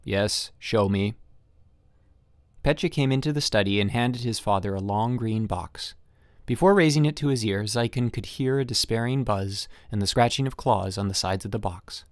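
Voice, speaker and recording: A man narrating a classic short story as an audiobook narrator, measured and even. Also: mid-range voice, no room sound, clean studio sound. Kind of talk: scripted narration.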